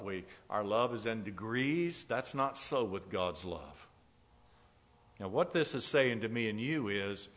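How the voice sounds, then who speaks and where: A male preacher delivering a fervent sermon, repeating phrases and swinging between loud declarations and soft, pleading asides. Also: mid-range voice.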